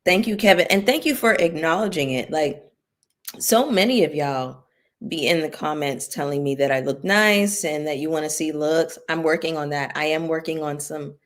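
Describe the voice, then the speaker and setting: A woman's voice: sits low, normal speed. A woman hosting a casual livestream, chatting with viewers and thanking them by name, with features. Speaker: YouTube commentary host.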